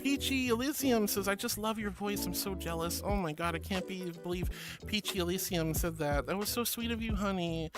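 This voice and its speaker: Bubbly woman streamer, chat-reading, mid-pitched, loud background music. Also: a little fast. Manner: bubbly, giggly, reads chat aloud. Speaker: VTuber streamer. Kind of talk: casual livestream chat.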